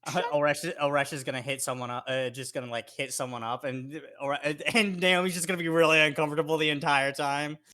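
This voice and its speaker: A man playing a tabletop game, chatty and quick to laugh. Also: on the high side, steady tone, bright, forceful tone. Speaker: player. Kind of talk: casual gaming chat.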